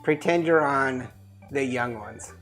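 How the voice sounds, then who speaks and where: A woman's voice: extremely low pitch, slow, faint music behind. A woman co-hosting a casual whiskey chat at home, teasing her partner and laughing often. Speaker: co-host of a whiskey show.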